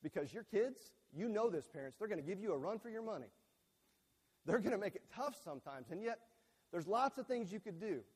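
A man's voice: high-pitched, lively intonation, a little fast, darkish tone, slightly rough, in a large hall. A male pastor preaching a sermon to a congregation, earnest and emphatic, who repeats key phrases and trips over and restarts his words. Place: church sanctuary with a screen behind him.

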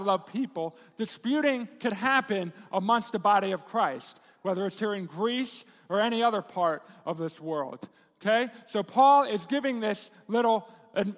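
A middle-aged man preaching a sermon, his voice sitting high for a man. He talks to the congregation in a conversational, joking way, firing rhetorical questions at them. A long reverb trails off his words, the sound of a church hall. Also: fairly bright tone. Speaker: pastor.

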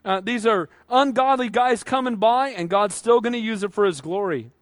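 High voiced guy preaching, acts out the bible voices, really dry sound. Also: moderate pace, no room sound. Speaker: pastor. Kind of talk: sermon.

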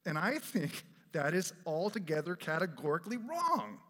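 A fairly high-voiced man preaches to his congregation with earnest, animated energy. His voice rings out with a long hall reverb around it. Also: moderate pace. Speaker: pastor. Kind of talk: sermon. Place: church sanctuary.

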